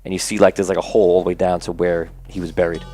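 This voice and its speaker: A man's voice: low-pitched, level tone, very fast. A man narrating a tabletop game as game master, rambling with lots of fillers. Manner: rambling, filler-heavy, laughing.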